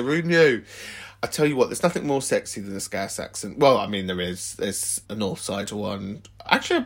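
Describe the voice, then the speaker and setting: Camp, teasing podcast host man. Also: on the low side. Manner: camp, teasing, chatty, swears freely. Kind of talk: casual chat.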